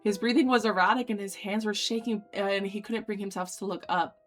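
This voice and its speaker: A young woman streamer reading a dating sim aloud, voicing its lines dramatically and breaking off into loud excited reactions. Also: mid-range voice, a little fast, faint music behind.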